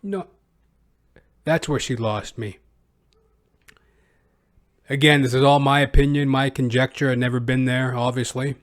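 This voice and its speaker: A man's voice: mid-range voice, steady tone, unhurried, pauses often. A man hosting a podcast, giving crude, profane and sarcastic commentary in a rambling casual way. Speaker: podcast host.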